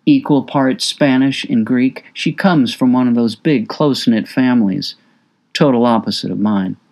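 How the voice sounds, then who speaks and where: A man narrating his own memoir as an audiobook, intimate and confessional, with raw emotion in his quoted words. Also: medium pitch.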